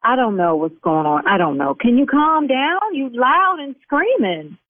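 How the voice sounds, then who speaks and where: A woman's voice: on the high side, very animated, a little slow, no echo. A woman running a salon, talking in on a phone call. She turns sassy and scolding and snaps back hard. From Chicago South Side. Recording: dry tinny phone line.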